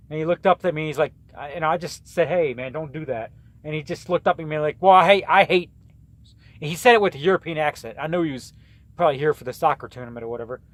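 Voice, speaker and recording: A man who drives a truck, ranting to camera in a rambling, repetitive way with many restarts. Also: on the high side. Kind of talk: casual rant to camera.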